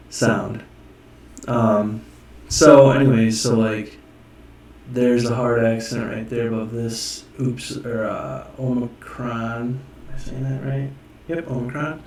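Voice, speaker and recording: A man talks slowly through Greek letters, rambling and sounding words out as he corrects himself. His voice comes from some distance from the mic. It rings in a very echoey room with faint noise behind. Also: medium pitch, steady tone, darkish tone. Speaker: self-taught Greek learner teaching viewers. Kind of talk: casual teaching vlog.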